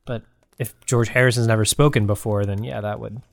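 A man's voice: on the low side, fairly even intonation, brisk, creaky. A man co-hosting a podcast brainstorm, who laughs often and leaves sentences unfinished. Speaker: podcast co-host. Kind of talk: casual brainstorming chat.

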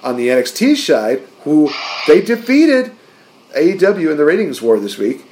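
A man's voice: on the high side, big pitch swings, moderate pace, darkish tone, slight background noise. A man co-hosting a podcast, chatting casually through a wrestling recap and acting out quotes in raised voices. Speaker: podcast co-host.

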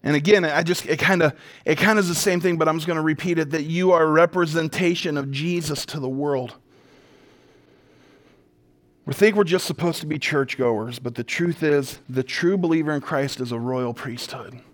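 A male pastor delivers a sermon in a notably high voice. He swings between loud, emphatic declarations and hushed intensity. Along the way he slips into casual, self-deprecating stories. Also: a little fast. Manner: conversational storytelling with self-deprecating humor.

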